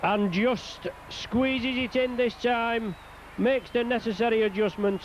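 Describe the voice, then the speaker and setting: A man giving live play-by-play commentary on a rugby league match outdoors, calling out player names in quick bursts and lifting his voice at scoring moments. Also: very high voice, steady tone, a little hiss or hum.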